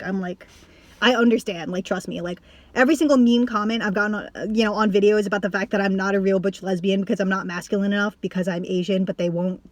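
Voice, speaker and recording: A young woman vlogging casually to camera, rambling with lots of "like", restarts and swearing, breaking into laughter at times. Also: medium pitch. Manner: animated with bursts of laughter.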